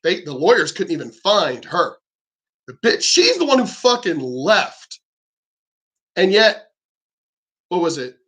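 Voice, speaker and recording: A man with a high-pitched voice vents in a heated, profane monologue to camera. He stumbles and restarts his sentences as the anger builds. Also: very animated, slow pace, long pauses, a bit bright. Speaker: vlogger. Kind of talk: angry ranting monologue.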